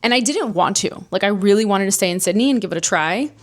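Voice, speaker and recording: Solo podcast host, woman in her 30s, rapid and candid, acts out the lines she quotes. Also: medium pitch. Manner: animated, candid storytelling with quoted dialogue.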